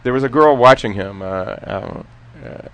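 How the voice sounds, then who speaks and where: A man telling courtroom stories in a casual chat, laughing often and trailing off into quieter asides. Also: medium pitch, measured pace. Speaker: former defense lawyer telling stories.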